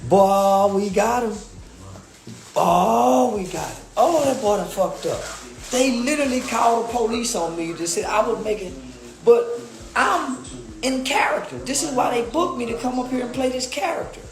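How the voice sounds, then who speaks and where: Excitable high-voiced man ranting loudly. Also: moderate pace, vocal fry, echoey room, low-quality recording. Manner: loud, repetitive, profane, excitable. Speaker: content creator. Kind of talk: hyped livestream rant.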